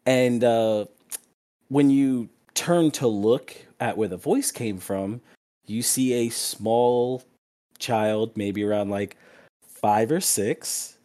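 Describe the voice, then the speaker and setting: A man narrating as game master of a tabletop game in an unhurried way, with many fillers. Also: mid-range voice, warm tone.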